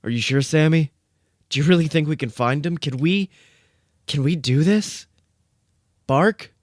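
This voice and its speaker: A man's voice: mid-range voice, animated, moderate pace, no echo, lightly acted. A man voicing a small, hotheaded, foul-mouthed male corgi who barks between words. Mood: shaky.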